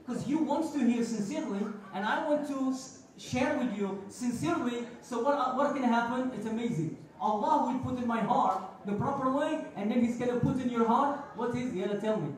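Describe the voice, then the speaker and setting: A man's voice: very high voice, a little fast. A man giving a passionate Friday sermon, telling stories and mixing phrases into his talk. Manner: passionate, storytelling, mixes Arabic phrases. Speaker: preacher. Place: large mosque prayer hall. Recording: echoey hall, voice from far off.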